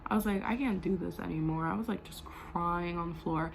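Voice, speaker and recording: A woman's voice: fairly low pitch, fairly quick, creaky, a little hiss or hum, low-quality recording. Heated, swearing young woman vlogger. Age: young adult. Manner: heated, profane, frequent "like" fillers. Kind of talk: storytime vlog.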